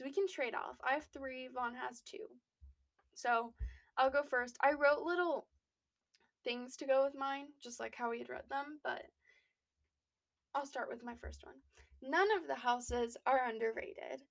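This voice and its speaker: A woman's voice: high voice, normal speed, gravelly. A young woman co-hosting a podcast in casual chat, talking with lots of fillers and restarts. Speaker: podcast co-host.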